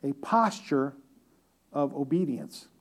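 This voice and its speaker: A man's voice: mid-range voice, lively intonation, slow. A man preaching a conversational sermon, talking directly to the congregation with repeated phrases and joking asides.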